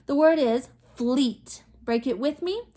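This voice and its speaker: A woman teacher giving a remote phonics lesson to young children, sounding out words slowly with patient step-by-step prompts. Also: sits high, mellow.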